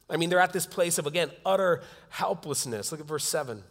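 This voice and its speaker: Male pastor, slightly high voice, earnest sermon delivery, long hall reverb. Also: fast talker, hardly any pauses. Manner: earnest, swings from loud to hushed.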